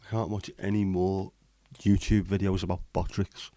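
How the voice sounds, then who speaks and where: A man hosting a relaxed livestream, rambling between jokes and greetings to viewers. His voice sits very low with a dark, mellow tone. He talks in a flat, even line. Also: normal speed, no echo. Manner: rambling, jokey, chatting to viewers. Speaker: livestream host. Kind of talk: casual livestream chat.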